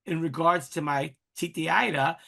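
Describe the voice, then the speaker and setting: A man's voice: a little high, normal speed, gravelly. A man, a guest in an interview, telling personal stories in a casual way and acting out the voices of the people he quotes. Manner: animated storyteller, acts out quoted voices. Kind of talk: casual storytelling.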